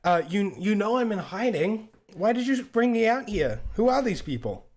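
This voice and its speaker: A man's voice: high voice, big pitch swings, moderate pace, a little mellow, slight background noise, voice pushed up. A man doing a gurgly, wary mermaid. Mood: wary, puzzled. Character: hiding wary female mermaid.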